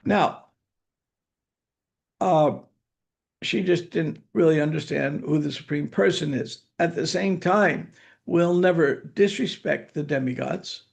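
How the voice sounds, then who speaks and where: A man's voice: a little high, slow pace, gravelly. An older man giving a scripture lecture, telling anecdotes in a conversational way with dry humor. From United States. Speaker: spiritual teacher giving scripture class.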